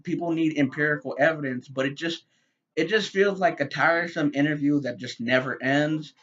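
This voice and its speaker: A man's voice: on the high side, fairly bright tone. Male reviewer, casual and rambling, stumbles over words; slightly muffled home recording. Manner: rambling, many fillers and repeated words. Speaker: TV show reviewer.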